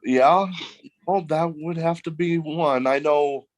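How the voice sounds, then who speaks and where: A man from the American Midwest hosting a casual chat, relaxed and halting, with long pauses. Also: on the high side, poor audio. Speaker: podcast host.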